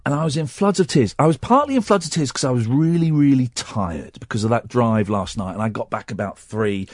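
A radio host tells a personal story while close to tears, stumbling and restarting as he goes. His voice sits at an ordinary pitch but rises and falls widely. The studio sound is dry and close. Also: dry recording. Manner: halting and tearful, with many restarts.

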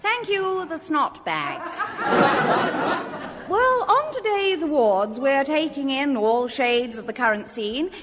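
Brisk woman presenting mock awards. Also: high voice, very animated, noisy background. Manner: brisk mock-formal announcing. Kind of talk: radio sketch comedy.

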